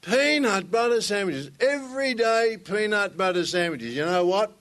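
A blunt, fed-up Australian laborer, as a man puts him on, with his voice pitched up from the teller's usual tone. He is plain-spoken and exasperated. It sounds like a comic joke voice. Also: animated, normal speed, a bit bright.

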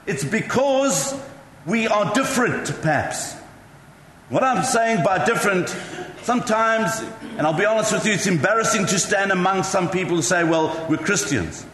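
A male pastor with a notably high voice delivers a sermon in a chatty, self-mocking storytelling way. His words ring out through a large, echoey hall, with a long reverb tail and a faint hum of room ambience behind him. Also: animated, moderate pace, fairly bright tone.

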